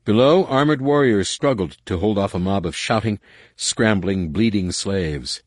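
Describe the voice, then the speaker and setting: Deep-voiced man narrating a dramatic story. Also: expressive, no room sound, studio quality. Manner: measured, dramatic, with slow emphatic pauses. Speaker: audiobook narrator. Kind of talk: scripted narration.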